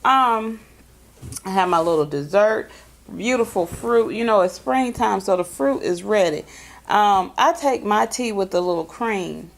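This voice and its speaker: A woman's voice: medium pitch, animated, vocal fry. A woman, hosting a casual, folksy chat to camera. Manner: chatty, folksy, drawn-out emphasis. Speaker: vlog host.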